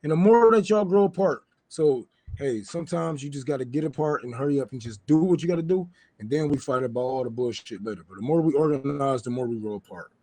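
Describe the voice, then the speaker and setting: A man's voice: medium pitch, animated, fast, warm tone, dry recording. A man who is a guest on a talk show, speaking casually and loosely, with plenty of swearing. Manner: loose, profane, trailing off. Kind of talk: casual chat.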